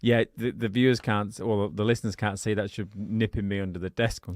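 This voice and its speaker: A man's voice: lowish voice, fairly even intonation, a little fast, hardly any pauses, no room sound. A man co-hosting a casual podcast, rambling and teasing with a giggly manner. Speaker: podcast co-host.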